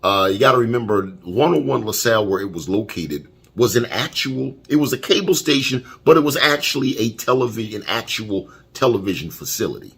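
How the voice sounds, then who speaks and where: A man thoughtfully recalling a past broadcast in an interview, pausing as he remembers. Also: on the low side, lively intonation, creaky, fairly bright tone, husky. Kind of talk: reflective retrospective interview.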